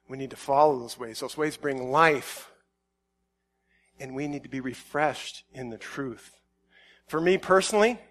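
A man giving a conversational sermon, shifting from quiet reflective musing to loud emphatic outbursts. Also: fairly high pitch. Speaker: pastor.

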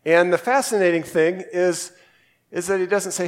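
A man's voice: high voice, steady tone, normal speed. A man from Australia giving a casual, conversational sermon and reading scripture aloud. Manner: conversational, acts out quoted voices, reads scripture aloud. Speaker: preacher.

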